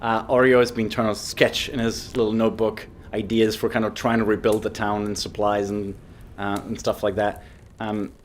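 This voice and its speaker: A man's voice: on the low side, flat delivery, moderate pace, a little hiss or hum. A man narrating as game master, hesitant with many fillers.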